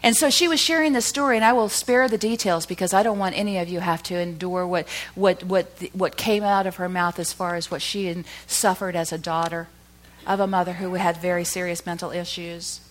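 A woman's voice: on the low side, fairly quick. Woman preaching a storytelling sermon. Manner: storytelling, building to loud emphatic peaks.

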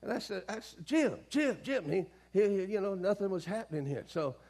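A middle-aged man preaching a sermon from the pulpit, calling out to his congregation and swinging from quiet storytelling to loud emphasis. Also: high-pitched, fast. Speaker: pastor. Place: church sanctuary.

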